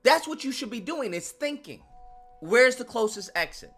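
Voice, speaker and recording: A man rants through his commentary with a swinging, animated pitch and a sharp, bright tone. He hammers his points home by repeating phrases and swears freely. Soft music plays faintly underneath. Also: moderate pace. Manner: emphatic, repeats lines for effect, profane. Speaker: commentary channel host. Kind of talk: opinionated commentary rant.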